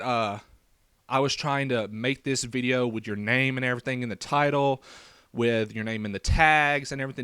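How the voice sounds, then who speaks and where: A YouTube vlogger, young and with a faint rural Southern American accent, rambles hesitantly through a response video, restarting often and using many fillers. His medium-pitched voice is fairly bright, clear and resonant, and there is no room sound.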